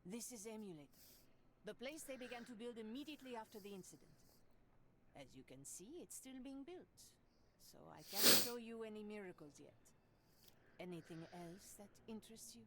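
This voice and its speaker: A woman's voice: mid-range voice, animated, moderate pace, heavy background noise, natural voice. A woman voicing a stern female project director, firm and dryly sarcastic, reading game dialogue aloud. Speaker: voice reader.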